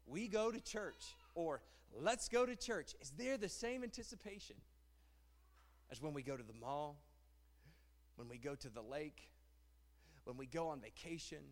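High-voiced man preaching in a hall. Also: moderate pace. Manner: animated, rhetorical, repeats phrases. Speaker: pastor. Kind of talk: sermon. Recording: long hall reverb.

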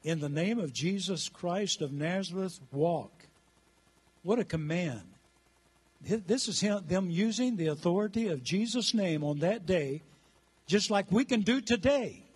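A man's voice: high voice, expressive, measured pace, a little mellow, breathy edge. A man in his sixties preaching a rousing sermon in church and calling on the congregation to answer back. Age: 60s. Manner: rousing, calls the congregation to respond. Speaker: pastor.

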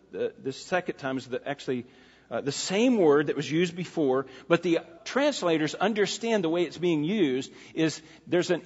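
A man's voice: a little high, husky. A middle-aged man preaching a sermon as a pastor, earnest and emphatic, asking his listeners rhetorical questions. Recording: dull lo-fi recording in a reverberant hall.

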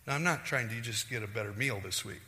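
A middle-aged man preaches a sermon in a church, his voice bright and forceful. He acts out quoted voices and swings from loud bursts to hushed asides. Long reverb trails off each phrase in the big hall. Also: lowish voice, quick pace. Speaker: pastor.

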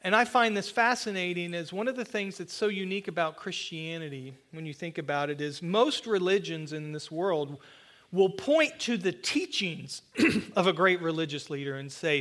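Preaching a sermon in a church sanctuary, a pastor speaks to his congregation in a notably high, fairly bright voice with lively intonation. He is earnest throughout, slows right down on key phrases, and adds touches of self-deprecating humor.

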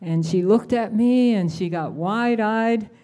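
A woman sharing a personal faith story in an earnest, measured way. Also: mid-range voice, warm tone. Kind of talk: personal testimony.

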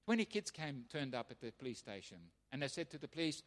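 A man preaching as a missionary pastor, telling his testimony as an animated storyteller who acts out the voices of others. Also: medium pitch, quick pace. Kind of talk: sermon testimony. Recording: long hall reverb.

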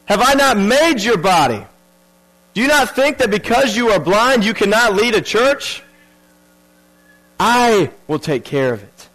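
A man voicing God as a stern male figure who fires sharp rhetorical questions. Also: sits high, sing-song, a little slow, long pauses, voice pushed up, exaggerated voice, poor audio. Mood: challenging.

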